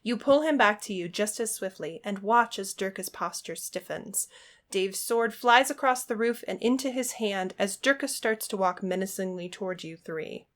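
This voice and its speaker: A woman reading a fan fiction story aloud as narrator, steady and expressive. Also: medium pitch, moderate pace.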